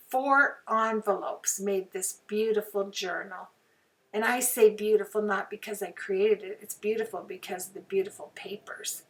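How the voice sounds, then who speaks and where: A woman's voice: medium pitch, fairly bright tone. A woman hosting a craft channel, chatting casually through a tutorial with frequent fillers. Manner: unhurried, chatty, with many fillers. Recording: voice some distance from the mic.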